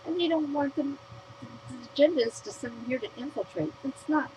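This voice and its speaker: A woman's voice: high voice, brisk, background noise. An American woman vlogger reading her own written rant aloud, blunt, profane and outspoken.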